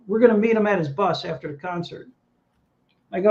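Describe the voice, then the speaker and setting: A man's voice: sits high, a little fast, highs cut off. A middle-aged Navy veteran man telling a story casually in an interview, quoting other people as he goes. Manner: animated anecdote teller, quotes others.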